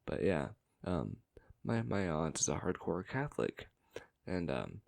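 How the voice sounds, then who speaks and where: Deep creaky voiced guy rambling thru a family story, lots of ums and cussing. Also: big pitch swings, darkish tone. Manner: rambling, halting, with fillers and swearing. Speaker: storytime vlogger. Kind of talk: casual storytelling.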